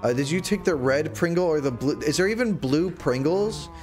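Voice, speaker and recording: Young guy streaming games, kinda high voice, rambles then yells in fake outrage, desk mic. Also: animated, normal speed, soft background music. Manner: rambling, jumps into mock-outraged high shouts. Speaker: livestreamer. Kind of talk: casual gaming livestream chat. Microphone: desk microphone.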